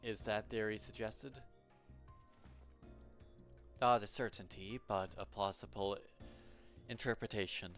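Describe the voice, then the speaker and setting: A man voicing a calm, detached scholar in a measured, formal delivery. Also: on the low side, faint music behind.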